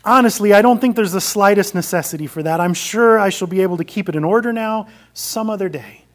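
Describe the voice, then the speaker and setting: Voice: mid-range voice, lively intonation, brisk, close to an everyday voice. A preacher voicing a frightened, dithering male ghost who stammers and protests. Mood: panicked.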